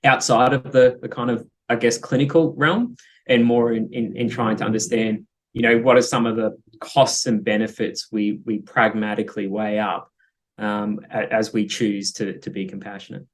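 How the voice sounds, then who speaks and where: A man's voice: fairly low pitch, steady tone, normal speed. A man speaking as a guest psychologist in an interview, thoughtful and hesitant, with many fillers and light laughs. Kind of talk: interview conversation.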